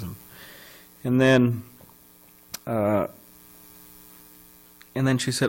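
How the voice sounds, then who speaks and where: A man's voice: medium pitch, steady tone, slow, long pauses, low-quality recording. A man giving a scripture class at a temple, telling a story conversationally with many fillers and restarts. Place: temple hall.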